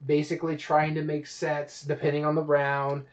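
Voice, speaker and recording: A man with a fairly high voice chats through a casual podcast, rambling with plenty of fillers and restarts. The audio is dull and lo-fi. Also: monotone, normal speed. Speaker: podcast co-host. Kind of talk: casual chat about board games.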